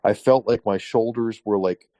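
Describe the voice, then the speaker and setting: Canadian guy telling his story on a podcast, lowish voice, dry mic, does little voices for the people in it. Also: normal speed, no room sound. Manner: animated storyteller, acts out quoted voices. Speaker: guest. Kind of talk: casual interview storytelling.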